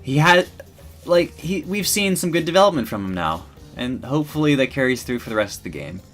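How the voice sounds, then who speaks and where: A man's voice: medium pitch, animated, brisk, fairly bright tone, faint music behind. A man streaming, talking casually and emotionally in a rambling way with many restarts.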